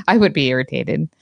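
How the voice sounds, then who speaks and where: A woman co-hosting a casual movie review podcast, chatty and quick to laugh. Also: on the low side, vocal fry, breathy edge, no room sound. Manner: chatty, laughs often, relaxed asides. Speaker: podcast co-host.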